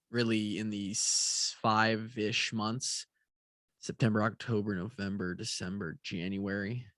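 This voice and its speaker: A tired, yawning young man gives a rambling, casual talking-head vlog, dropping fillers and casual swear words throughout. His voice is lowish with a fairly bright tone, recorded with no room sound.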